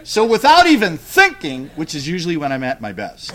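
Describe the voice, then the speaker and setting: A middle-aged man preaching a sermon, telling a story with lively acted-out dialogue. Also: on the high side, fairly quick, few pauses, slight background noise.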